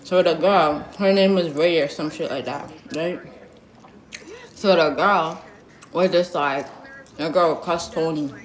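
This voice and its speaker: A woman's voice: low-pitched, takes it slowly, long pauses. A young woman telling a storytime vlog in a blunt, sassy, slangy way, full of asides. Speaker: vlogger. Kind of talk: storytime vlog, casual gossip. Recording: roomy echo.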